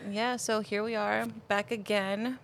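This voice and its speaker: A woman's voice: medium pitch, steady tone, unhurried, creaky, a little hiss or hum. A young woman co-hosting a casual podcast chat, laughing often and swearing freely. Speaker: podcast co-host.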